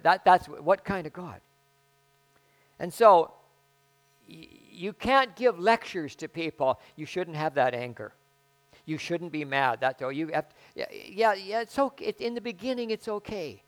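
This man preaches as pastor in a conversational style, his high voice expressive. He comes across as halting and self-deprecating, with frequent restarts.

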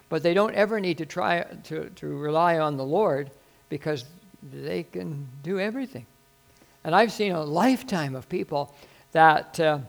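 A man's voice: a little high, gravelly. An older man preaching a sermon as pastor, folksy and rambling, with self-deprecating humor.

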